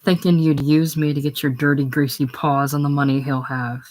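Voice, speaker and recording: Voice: medium pitch, unhurried, lightly acted. A reader voicing a proud, bitter young farm woman in a casual play reading, speaking hard and grim. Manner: hard and grim, with soft crooning moments.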